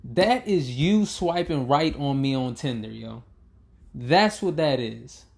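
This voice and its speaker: A man's voice: fairly high pitch, animated, unhurried, vocal fry, darkish tone. A tired young man who hasn't slept, rambling to camera in a casual vlog, swearing freely as he vents about his day. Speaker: vlogger.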